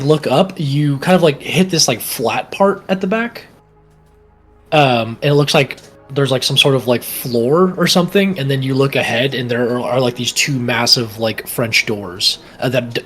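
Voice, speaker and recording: Casting note: male dungeon master, ordinary-pitched voice, loose and rambling description. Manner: rambling, full of fillers and hedges. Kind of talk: narrating a tabletop game.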